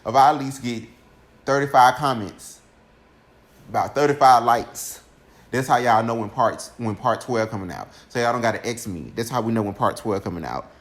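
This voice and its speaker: A young man telling a personal story to his viewers in a casual, animated way, speaking straight to his audience. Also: medium pitch, moderate pace. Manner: animated, keeps addressing listeners directly. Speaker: storytime vlogger.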